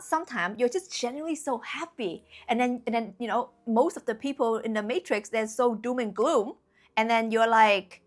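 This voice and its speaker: A woman's voice: medium pitch, fairly bright tone. A woman giving a motivational talk to camera as a spiritual coach, earnest and direct, often checking in with her listeners.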